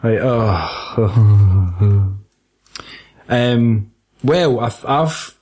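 Sweary Scottish podcast host, husky. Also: male voice, lowish voice, very slow, a little mellow. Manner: sweary, laughing, jokey banter. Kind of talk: casual film chat.

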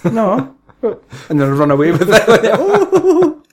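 A man's voice: on the high side, expressive, normal speed. A Scottish man co-hosting a casual film review chat, sweary and laughing, acting out silly voices. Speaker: podcast co-host.

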